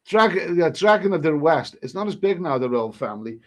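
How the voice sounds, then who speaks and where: A middle-aged man with a voice pitched a little on the high side. He talks in a loose, rambling way, stumbling and restarting his sentences as he chats with viewers on a livestream. His tone is casual and unhurried throughout. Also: very animated, fairly bright tone. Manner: rambling, halting, with many restarts and repeated words. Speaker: livestream host reading viewer comments.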